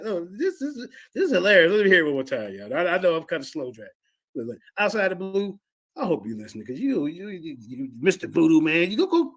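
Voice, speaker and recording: A man's voice: on the high side, a bit bright. A man streaming live commentary on debate clips, boasting and mocking his opponents while talking to his chat. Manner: boastful, mocking, repetitive, addresses chat as "y'all".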